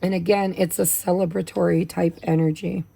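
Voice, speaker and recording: Gravelly woman reading tarot. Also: fairly low pitch, little pitch movement, moderate pace, warm tone. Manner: chatty, with many fillers. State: losing her voice from allergies. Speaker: tarot reader.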